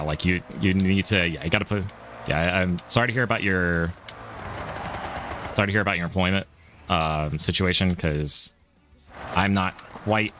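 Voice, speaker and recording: A man's voice: deep voice, background noise. A young man streaming live, chatting in a rambling, restarting way with frequent swearing while he plays a driving game. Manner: rambling, restarts sentences, swears and laughs often.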